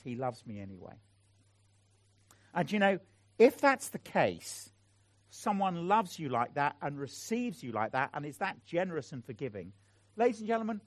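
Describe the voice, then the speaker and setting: A middle-aged preacher gives a sermon in a fairly high, lively voice that rises and falls, earnestly pleading with the congregation. The recording is close and dry, with no room sound.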